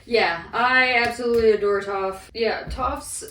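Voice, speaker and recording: A woman's voice: on the high side, fairly even intonation, a little slow, a bit bright. A woman chatting casually as co-host while ranking characters, with lots of "like" fillers. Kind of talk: casual chat. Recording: echoey room, distant mic, faint noise.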